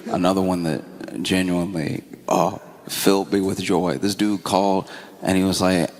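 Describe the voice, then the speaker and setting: A man's voice: low voice, flat delivery, moderate pace, darkish tone, in a large hall. A man doing stand-up comedy, telling a story loosely with laughs and fillers.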